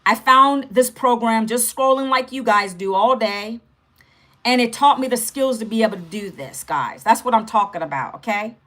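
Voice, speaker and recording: A woman's voice: fairly high pitch, animated, normal speed, bright, forceful tone. A woman in her fifties talking casually to viewers on a livestream, direct and chatty, checking in with "okay" and "guys". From United States. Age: 50s. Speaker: livestream host.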